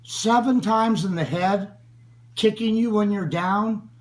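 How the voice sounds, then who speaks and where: Slow, grieving older man. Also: high voice, poor audio. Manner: earnest and grieving, with long pauses. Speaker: friend speaking about a slain friend. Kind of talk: spoken tribute.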